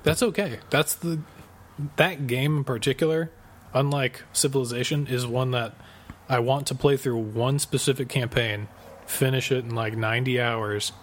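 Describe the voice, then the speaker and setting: A man's voice: mid-range voice, fairly even intonation, normal speed. A man co-hosting a casual podcast chat, easygoing and murmuring agreement often. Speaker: podcast co-host.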